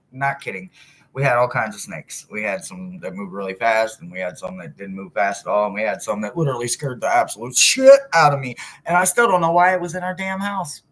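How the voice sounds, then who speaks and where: A woman hosting a casual live chat as a spiritual reader, talking straight to her viewers in a blunt, animated way that swears freely and swings from loud to soft. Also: extremely low pitch.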